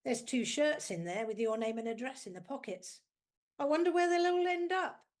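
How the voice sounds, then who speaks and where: A woman's voice: on the high side, lively intonation, normal speed, lightly acted. A woman voicing a carefree young factory worker who teases her friend in a breezy way. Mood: teasing. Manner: teasing, breezy.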